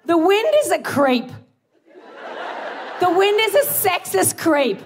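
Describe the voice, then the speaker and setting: A young Australian stand-up comedian with a very high voice and lively intonation takes her time through a rambling, self-deprecating set on a large theatre stage before a live audience. She giggles between jokes, and the live theatre recording carries audience noise.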